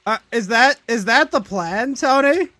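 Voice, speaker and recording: A man's voice: extremely high pitch, expressive, measured pace, sharp tone, no room sound, soft background music. A male streamer ranting casually on a live stream, cursing a lot and sounding exasperated and sarcastic.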